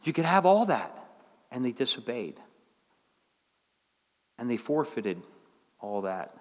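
A man preaching a sermon in a folksy, conversational way, dropping low and quiet, then climbing high and loud. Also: sing-song, slow, long reverb tail.

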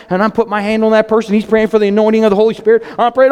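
Preacher in his fifties, excitable storyteller, high lively voice, reverberant hall sound. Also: very fast, few pauses, smooth. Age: 50s. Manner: excitable, storytelling, animated swings in pitch. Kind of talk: sermon.

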